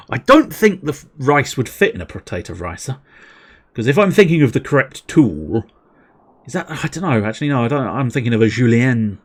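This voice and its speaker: A man's voice: fairly low pitch, sing-song, moderate pace. A man streaming a video game and chatting casually, rambling into playful wordplay with a self-deprecating touch. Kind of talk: casual livestream commentary.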